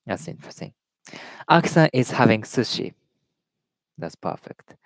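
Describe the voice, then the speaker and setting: Man reading aloud haltingly in English. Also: medium pitch, very animated, no room sound. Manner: reads aloud haltingly, repeats words, greets viewers. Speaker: live stream host. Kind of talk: casual reading and commentary.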